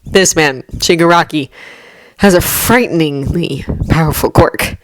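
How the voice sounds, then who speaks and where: Woman reader, low voice, steady measured narration, dry close recording. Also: no room sound. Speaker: fanfiction reader. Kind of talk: audiobook narration.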